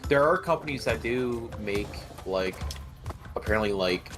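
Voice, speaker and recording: A man co-hosting a game stream, rambling in halting casual chat with many fillers, sometimes with his mouth full. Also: fairly low pitch, lively intonation. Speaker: stream co-host. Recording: livestream with game music behind. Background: game music.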